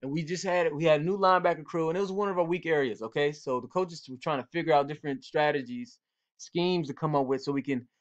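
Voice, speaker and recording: A football coach speaks straight to young players in a casual teaching talk, hammering his points home with repetition. His voice sits a bit high for a man. The audio is dull and lo-fi. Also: quick pace. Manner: direct, repetitive, coach-like urging. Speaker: football coach and cornerback trainer.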